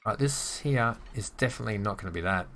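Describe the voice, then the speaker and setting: Casting: male gaming host, lower voice, chatty muttering play-by-play to the game. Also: quick pace, a bit bright, a little hiss or hum. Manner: mutters to himself and talks to the game pieces. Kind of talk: casual gameplay commentary.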